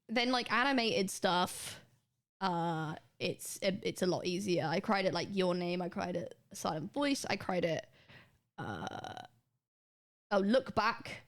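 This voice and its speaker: A young woman streaming, chatting casually with viewers in a rambling way, her throat a little sore. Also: mid-range voice. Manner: rambling, restarts sentences, quick laughs.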